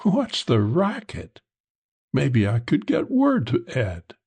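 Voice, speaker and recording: A man doing a high, coaxing barroom girl. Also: wildly swooping pitch, slow pace, a little mellow, slightly rough, exaggerated voice.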